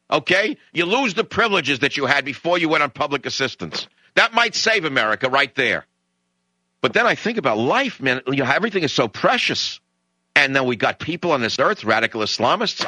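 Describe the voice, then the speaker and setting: A man with a bright, forceful voice delivers an indignant talk monologue, hammering points one after another. The sound is dry and close, with no room around it. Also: medium pitch, no room sound, poor audio. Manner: emphatic, indignant, listing points. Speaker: radio talk show host. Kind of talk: opinion monologue.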